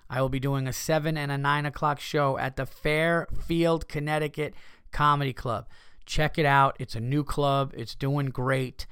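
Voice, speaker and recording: Comedian host, male, swearing storyteller, dry close mic, mid-pitched voice. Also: normal speed, clean tone, no echo. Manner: profane, animated, acts out his own outbursts. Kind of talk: casual storytelling monologue.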